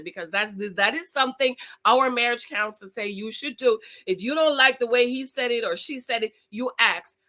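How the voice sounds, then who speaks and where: A woman's voice: fairly high pitch, expressive, fairly quick, few pauses, bright, forceful tone, poor audio. A middle-aged woman, chatting casually as a show recap host, emphatic and preachy, talking straight to her viewers. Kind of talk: casual chat.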